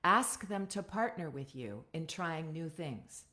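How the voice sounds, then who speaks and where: Woman, American accent, voiceover coach, chatty, webcam stream, lowish voice, very lively intonation. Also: slow pace. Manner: chatty, ends points with "right?". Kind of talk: live-streamed coaching talk. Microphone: computer webcam stream.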